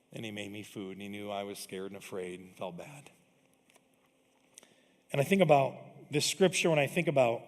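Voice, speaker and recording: Storytelling pastor in a reverberant hall. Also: male voice, medium pitch, gravelly. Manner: storytelling, self-deprecating, laughs often. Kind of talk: sermon. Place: church auditorium.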